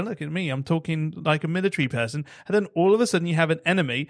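A man makes his case in a lively, emphatic way, pressing each point hard. His voice sits slightly high for a man. The sound is dry and close, with no room echo. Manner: opinionated, animated, emphatic. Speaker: panelist in a cybersecurity discussion. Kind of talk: casual panel discussion.

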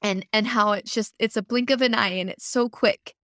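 A woman's voice: on the high side, fairly even intonation, normal speed, a bit bright, dry recording, clean studio sound. A woman hosting an interview podcast, talking in an earnest, emotional way with loose, restarting sentences. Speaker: podcast host.

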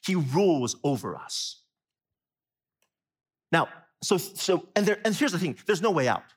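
A man preaching a sermon, animated, often asking his listeners questions. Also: on the high side, a little slow, slightly rough. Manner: animated, asks the audience questions, laughs at himself. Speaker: pastor.

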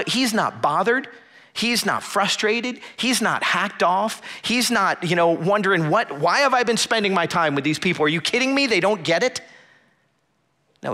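Bright-voiced man preaching a sermon. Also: sits high. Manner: earnest, conversational preaching with repeated phrases and restarts. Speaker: pastor. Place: church sanctuary with a small audience.

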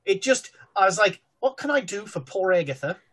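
A woman's voice: medium pitch, animated, brisk, husky. A woman doing an offhand male sorcerer. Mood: musing. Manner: rambling, casual, nonchalant about gore. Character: odd, offhand male sorcerer who talks casually.

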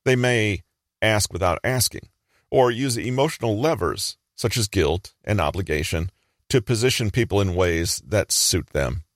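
A man giving a measured, explanatory scripted narration. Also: on the low side, expressive, no room sound, clean studio sound.

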